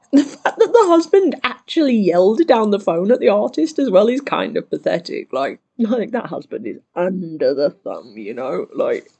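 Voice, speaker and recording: A Reddit reaction host reads stories and mocks the people in them with lively sarcasm. They often laugh and slip into hushed, whispered asides. The voice sits in a middle register. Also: medium pitch, normal speed, vocal fry, husky. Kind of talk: reading and reacting to Reddit posts.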